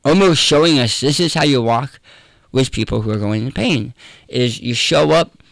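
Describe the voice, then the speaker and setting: A pastor telling a personal story in an interview, candid and earnest. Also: male voice, mid-range voice, moderate pace, vocal fry, a bit bright, no room sound. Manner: candid, earnest, conversational with fillers.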